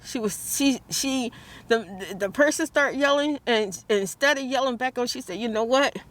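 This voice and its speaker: In an emotional vlog monologue recorded outside by a car, a woman recounts a stressful morning, praying aloud and repeatedly restarting. She speaks at a moderate pace in a high, somewhat bright voice.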